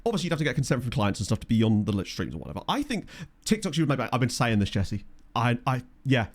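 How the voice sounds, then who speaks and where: Male streamer, quick lively delivery, jokey game commentary. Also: medium pitch. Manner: chatty, jokey, reads game stats aloud. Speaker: streamer playing a management game. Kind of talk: casual live-stream chat.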